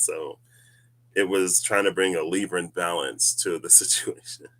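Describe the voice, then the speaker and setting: Deep-voiced man musing on spirituality. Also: a bit bright. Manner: rambling, musing, laughs often. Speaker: tarot reader. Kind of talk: casual spiritual reading vlog.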